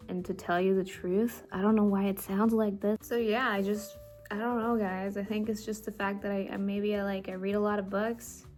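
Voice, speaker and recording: A woman's voice: mid-range voice, little pitch movement, moderate pace, a little mellow, faint music behind. A young woman from India with a mixed, partly Indian accent, chatting casually to her channel late at night and laughing often. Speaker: vlogger.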